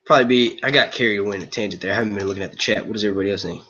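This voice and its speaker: Male stream host, loose profane chatter, bright edgy voice, dull lo-fi audio. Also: on the low side, racing. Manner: rambling, profane, casual, says "yo" a lot. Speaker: host of a movie and TV review stream. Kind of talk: live-stream chat with viewers.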